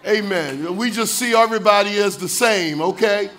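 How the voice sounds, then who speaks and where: Pastor, male, high bright voice, preaching with call-and-response, rising to shouts and sung lines. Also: normal speed. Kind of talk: sermon.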